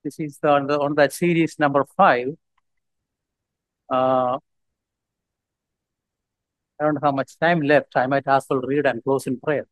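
A man preaching a sermon as a visiting speaker, halting with frequent restarts and reading scripture slowly and deliberately. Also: mid-range voice, fairly even intonation, dry recording, low-quality recording.

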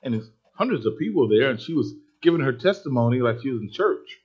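Husky excitable preacher man. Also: mid-range voice, fast. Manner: excitable, emphatic storyteller. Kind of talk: sermon storytelling. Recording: dull lo-fi sermon recording.

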